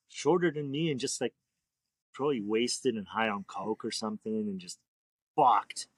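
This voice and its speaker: A man's voice: mid-range voice, dry recording. Laid-back, foul-mouthed man telling stories. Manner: laid-back, profane, rambling. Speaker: tattoo artist guest. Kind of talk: casual storytelling interview.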